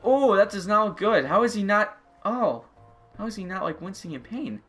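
A young man commentating a video game playthrough, excitable and rambling with lots of stammering restarts. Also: sits high, normal speed, faint music behind. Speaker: gaming YouTuber. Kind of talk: let's play commentary.

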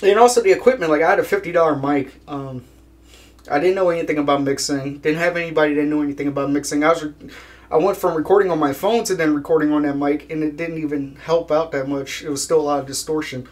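A man's voice: on the high side, quick pace. A young man chatting casually in an interview, laid-back, swearing a lot and laughing at his own jokes. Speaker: guest musician.

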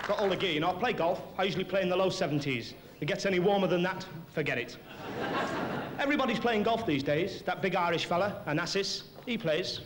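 A man doing a stand-up comedy routine as compere, with cheeky quick-fire jokes. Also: high-pitched, a crowd in the background. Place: large theatre stage. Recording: noisy old video tape with audience. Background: audience laughter.

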